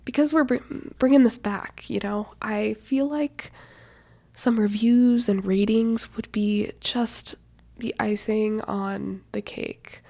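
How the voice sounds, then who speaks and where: A young woman in her twenties talks through her solo podcast in a loose, chatty way, full of "like" and "you know." Her voice is stuffy-nosed and a little breathless, with a gravelly fry at the ends of phrases. The sound is dry and close, with no room around it. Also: medium pitch, steady tone, takes it slowly, mellow, dry recording. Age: 20s. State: stuffy nose. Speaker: podcast host. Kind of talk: casual solo podcast chat.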